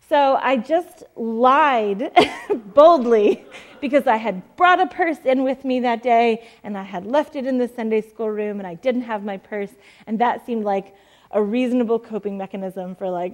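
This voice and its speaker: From the church stage, a woman in her forties gives a sermon as a pastor, chatting through stories with frequent fillers and laughter. She sounds animated, with a higher voice and a moderate pace.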